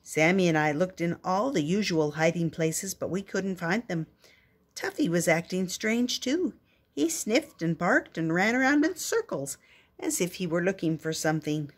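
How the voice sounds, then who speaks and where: Grandmother storyteller, husky, expressive read-aloud. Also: fairly low pitch, normal speed. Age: older. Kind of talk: reading a picture book aloud.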